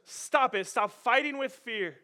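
A preacher doing a hushed, fatherly God. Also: very high voice, voice pushed up, heavily acted. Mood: gentle. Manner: soft, hushed and slow. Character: God speaking gently, calm fatherly male voice.

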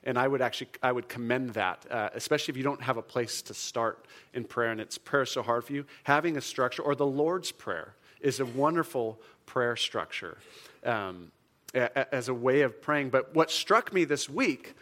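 A man preaching a sermon in a casual, conversational way, full of fillers and restarts and jumping up for emphasis. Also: moderate pace. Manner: animated, jumps up in pitch and volume for emphasis. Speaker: pastor.

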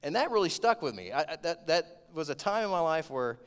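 Young preacher in an echoing hall. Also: male voice, fairly high pitch, a little fast, clean tone. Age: 20s. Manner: storytelling, animated, rising to shouts in retold scenes. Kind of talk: sermon. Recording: long hall reverb.

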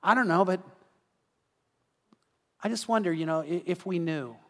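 A male pastor giving an evening sermon in a conversational way, acting out everyday scenes in quick quoted voices. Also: high voice. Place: church sanctuary. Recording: long reverb of a large hall.

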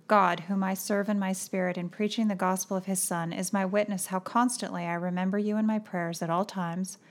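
A woman co-hosting a daily devotional podcast, chatting and teasing, then reading scripture aloud steadily. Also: mid-range voice. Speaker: podcast co-host. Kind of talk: casual chat and scripture reading.

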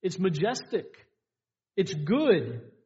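A man preaching a sermon, emphatic, with repeated lines and dramatic pauses. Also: high-pitched, sing-song, darkish tone, dull audio. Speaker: pastor. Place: church sanctuary.

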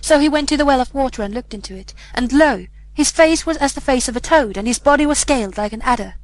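A woman reading an old fairy tale aloud in a measured, even storybook narration. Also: high voice, no room sound, low-quality recording. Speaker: audiobook reader.

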